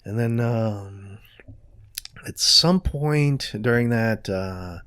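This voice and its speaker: A man's voice: lowish voice, drawn-out words, fairly bright tone, dry recording, studio quality. A middle-aged man chatting as a podcast guest, rambling with many fillers and jokey asides. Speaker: podcast guest, jiu-jitsu black belt. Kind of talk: casual interview chat.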